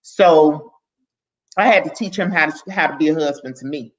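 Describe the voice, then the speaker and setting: A woman's voice: low-pitched, normal speed. A woman who is a guest on a podcast, talking candidly and earnestly and often starting over in mid-sentence as she chats casually. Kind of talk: casual conversation. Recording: dull lo-fi sound.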